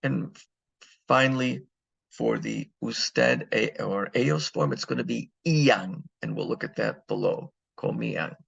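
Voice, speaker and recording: Gravelly man teaching a grammar lesson. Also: on the low side, big pitch swings, measured pace, dry recording, lo-fi sound. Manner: explains step by step, poses and answers his own questions. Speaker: Spanish teacher.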